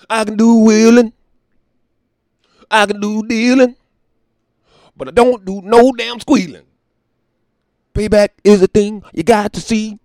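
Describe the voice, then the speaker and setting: A man doing an impression of a famous soul singer, shouting and singing out song lines about being mad. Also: high-pitched, steady tone, takes it slowly, long pauses, no room sound, clean studio sound, pitched above the performer's own voice. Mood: fired up.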